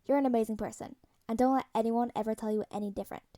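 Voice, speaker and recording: A woman's voice: on the high side, steady tone, very fast, dark tone, lightly acted. A woman reading the lines of a brash, rambling, protective middle-aged man in a story read aloud. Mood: fatherly.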